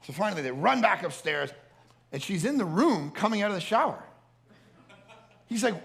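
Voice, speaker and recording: A man preaching a storytelling sermon at a family camp, animated and prone to repeating words and restarting sentences. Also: high-pitched, moderate pace, creaky, long pauses. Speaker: camp speaker.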